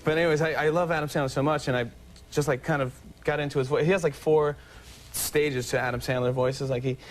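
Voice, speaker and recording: Excitable young man telling stories. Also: quick pace. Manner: excitable, laughing, breaks into loud high-pitched impressions. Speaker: talk show guest. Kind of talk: casual storytelling with impressions.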